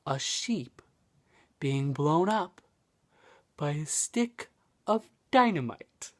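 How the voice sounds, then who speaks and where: Young male vlogger, deadpan and self-mocking, drawls his jokes slowly into a phone. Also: fairly high pitch. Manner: slow, deadpan delivery with self-deprecating asides. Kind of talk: casual joke-telling to a phone camera.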